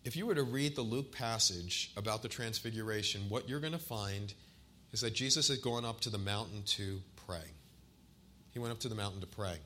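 A man in his forties preaching a sermon, asking his listeners questions and slowing down to stress key phrases and scripture. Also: fairly low pitch, pushed and bright, a little hiss or hum. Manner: asks the congregation questions directly. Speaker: pastor.

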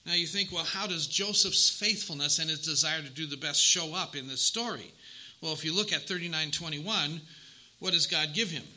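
Bright-voiced earnest male preacher. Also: fairly high pitch, moderate pace, poor audio. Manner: earnest, emphatic, with repetitions and rising stresses. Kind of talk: sermon.

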